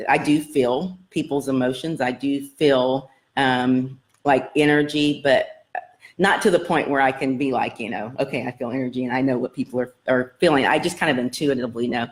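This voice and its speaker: A woman casually telling her personal story to her online viewers, earnest and rambling, with many fillers and restarts. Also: extremely low pitch. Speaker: self-help vlogger.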